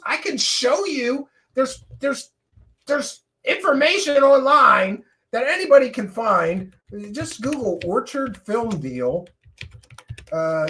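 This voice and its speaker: Animated ranting man, bright voice. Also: high-pitched. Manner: animated, sarcastic, bursts into shouting. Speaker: show host. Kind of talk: ranting commentary.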